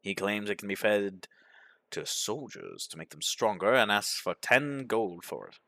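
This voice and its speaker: A man narrating a game playthrough, reading its events aloud in a deadpan manner. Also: fairly low pitch, a little slow, creaky, no room sound. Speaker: gaming commentator.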